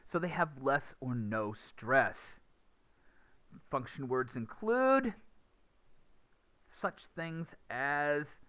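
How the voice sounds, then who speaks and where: A man teaching English pronunciation in a lecture, speaking deliberately and acting out stressed and unstressed words as examples. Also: mid-range voice, pushed and bright. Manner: slow, deliberate, demonstrative stress and pauses. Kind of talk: classroom lecture.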